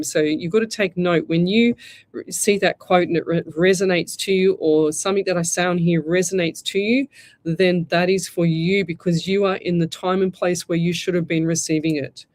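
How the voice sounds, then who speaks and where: A woman's voice: fairly low pitch, fairly even intonation, a little fast. Chatty Australian woman psychic host. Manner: chatty, rambling, warm asides like "lovey". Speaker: psychic medium radio host. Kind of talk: casual live-show readings.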